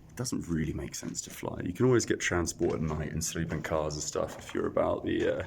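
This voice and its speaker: A man's voice: low voice, brisk, creaky, noisy background. A man casually vlogging about his travels, rambling with fillers and self-deprecating asides. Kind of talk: casual travel vlog talk to camera. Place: echoey outdoor site.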